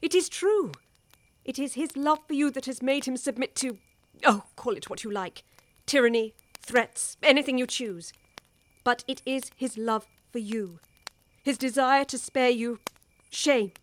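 A woman's voice: sits high, a little slow. Mrs Erlynne, an impassioned older woman. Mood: urgent. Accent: English. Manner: impassioned, pleading, urgent. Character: worldly older woman pleading with a young wife. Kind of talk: radio drama acting.

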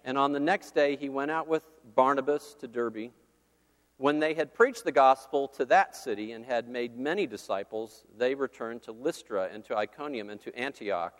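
Man preaching in a reverberant hall. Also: mid-range voice. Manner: earnest, measured Bible reading and prayer. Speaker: campus minister. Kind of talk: sermon.

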